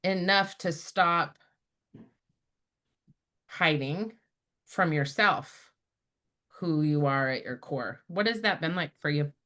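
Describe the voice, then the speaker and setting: Woman host, casual, animated storyteller, quick and chatty. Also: deep voice. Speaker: podcast host. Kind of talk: casual chat.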